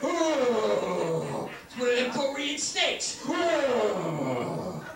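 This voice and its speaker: A man doing a stand-up set on a comedy club stage, manic and profane, jumping between yelps and low mutters. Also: very animated, very slow, vocal fry. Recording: echoey club taped from far off, noisy.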